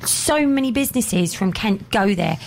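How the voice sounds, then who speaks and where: A woman co-hosting a radio show, reading event listings in a brisk, upbeat way with teasing asides to her co-host. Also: medium pitch, expressive, gravelly, a little mellow. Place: radio studio.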